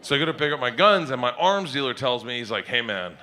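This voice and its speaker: A middle-aged man telling comedic stories, animated and laughing as he acts out what people said. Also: medium pitch, quick pace, a little hiss or hum. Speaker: stand-up comedian. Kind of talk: storytelling comedy.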